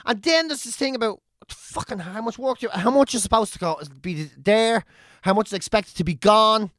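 A man's voice: high-pitched, moderate pace, fairly bright tone, no room sound, clean studio sound. A man in his forties with an Irish accent, talking in a sweary, joking casual chat as a podcast co-host. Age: 40s.

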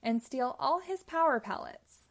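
A woman voicing a gang of mischievous male cartoon ghosts in a storybook reading, high and excited. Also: unhurried. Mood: gleeful.

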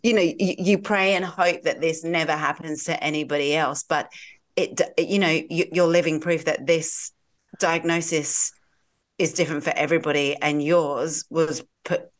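A woman hosting an interview, listening closely and asking halting questions, restarting her sentences as she goes. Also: low-pitched, fairly even intonation. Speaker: host. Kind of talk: casual interview.

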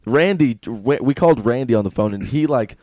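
A young man co-hosting a podcast, animated and crude, often laughing. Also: mid-range voice, fairly quick, no echo, studio quality. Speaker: podcast co-host. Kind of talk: casual banter. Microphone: studio microphone.

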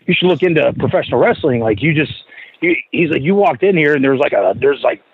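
A wrestler appearing as a podcast guest tells a rambling, profane anecdote in a fast, fairly high male voice, animatedly acting out the voices of the people in his story. The audio is dull lo-fi podcast sound with slight background noise.

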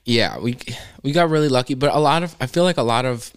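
A young man telling a long story in casual chat, rambling, swearing freely and acting out other people's lines in high voices. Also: quick pace, clear, resonant tone. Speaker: podcast guest.

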